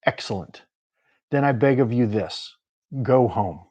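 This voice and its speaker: A man voicing an ancient male warlock who poses as a folksy handyman, speaking in a calm, measured, deep and clear voice. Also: dry recording. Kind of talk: audiobook reading.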